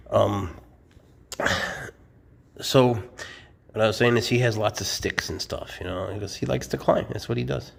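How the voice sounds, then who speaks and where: A man chatting casually while he handles his snakes, cooing at them and often dropping to a hushed murmur. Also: lowish voice, creaky. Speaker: snake keeper vlogger.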